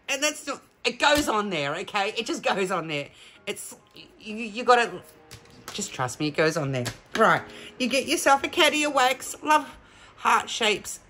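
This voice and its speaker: A woman's voice: medium pitch, bright, forceful tone. Aussie woman gushing over a craft kit, mid-range voice, slight hiss behind. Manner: gushing, emotional, chatty with laughs. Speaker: crafting vlogger. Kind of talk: casual unboxing chat.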